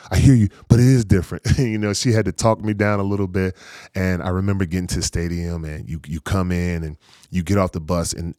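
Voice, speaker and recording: Man in his 40s, deep and warm voice, conversational and candid, reflective storyteller. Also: dry recording, clean studio sound. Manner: candid, conversational, lots of "you know" and "like". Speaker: former football player telling his story.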